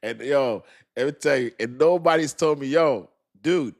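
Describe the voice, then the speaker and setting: A man's voice: mid-range voice, moderate pace, a little mellow. Laughing, slangy man hosting a livestream. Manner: laughing, self-mocking, slangy and rambling. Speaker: crypto channel host. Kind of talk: casual livestream chat to viewers.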